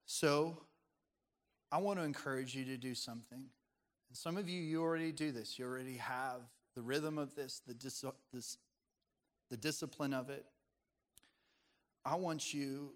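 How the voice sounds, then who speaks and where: At a moderate pace with frequent pauses, a man preaches in a mid-range voice to a congregation. He keeps it playful and asks the room questions, his words echoing with a long hall reverb in the sanctuary.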